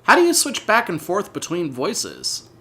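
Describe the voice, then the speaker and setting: Bright-voiced man hosting a game playthrough. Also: high voice, huge pitch swings, measured pace. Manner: laughs easily, hesitant fillers. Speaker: let's play host. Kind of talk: playful mock-interview commentary.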